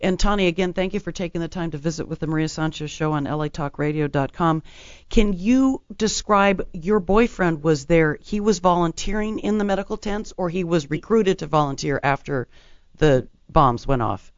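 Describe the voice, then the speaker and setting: Lady radio host, smooth voice, kinda dull lo-fi sound, calm and measured. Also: fairly low pitch, no room sound. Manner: calm, measured questions and brief acknowledgements. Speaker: radio talk show host. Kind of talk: talk radio interview.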